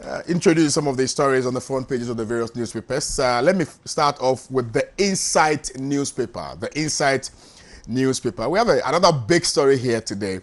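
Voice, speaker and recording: A man's voice: mid-range voice, lively intonation, fairly quick. A man hosting a morning TV show, reading newspaper headlines aloud and repeating each one. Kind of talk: newspaper review.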